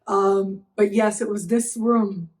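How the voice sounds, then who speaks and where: A middle-aged woman hosting her astrology channel, speaking to camera after a stretch of bed rest in an emotional, halting way, thanking her viewers again and again. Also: medium pitch, steady tone, darkish tone. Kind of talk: heartfelt personal talk to camera.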